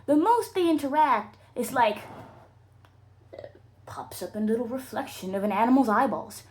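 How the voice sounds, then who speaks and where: A woman podcast host rants about a book she disliked, swearing freely and dripping with sarcasm. Her voice sits fairly high and swings widely in pitch. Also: moderate pace. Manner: animated, profane and sarcastic. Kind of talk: casual book-review rant.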